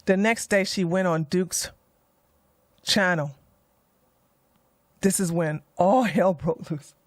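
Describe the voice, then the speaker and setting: A woman doing heated livestream commentary, blunt and animated, swearing and mocking as she swings from low muttering to loud outbursts. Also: slow, dry recording. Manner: swears and mocks. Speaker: commentary streamer.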